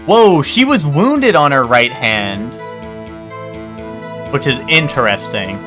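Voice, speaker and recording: A man streaming a courtroom game live, casually musing and thinking aloud in a lively way. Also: medium pitch, takes it slowly. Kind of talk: live let's-play commentary. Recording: game music behind.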